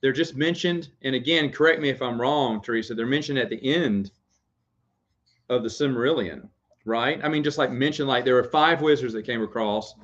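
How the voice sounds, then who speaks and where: A man's voice: medium pitch, moderate pace, fairly bright tone. A young man chatting casually on camera, rambling, laughing often and breaking off to talk to his baby. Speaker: vlogger. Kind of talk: casual chat. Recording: dull lo-fi sound.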